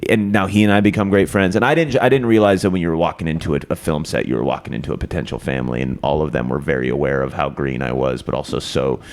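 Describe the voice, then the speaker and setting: A man's voice: very deep voice, fast, hardly any pauses. A man in his twenties from Iowa, an actor telling stories in a casual interview, rambling with restarts and frequent laughs. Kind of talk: casual storytelling.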